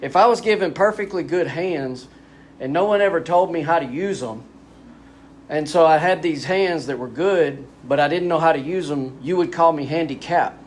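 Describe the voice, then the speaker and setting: A fairly high-voiced man talks frankly to a retreat group. He is lively and pokes fun at himself, acting out what people say as he goes. A light hiss of noise runs underneath. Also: normal speed. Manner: animated, self-deprecating, acts out quotes. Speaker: recovery retreat speaker. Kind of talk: candid sharing at a spiritual retreat.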